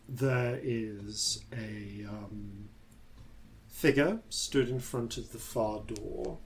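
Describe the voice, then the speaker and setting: A man running a tabletop game, describing scenes slowly and with lots of pauses and ums. His voice sits at an ordinary middle pitch. A faint ambient hum runs underneath. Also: low-quality recording. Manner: unhurried, halting narration with many fillers. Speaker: dungeon master.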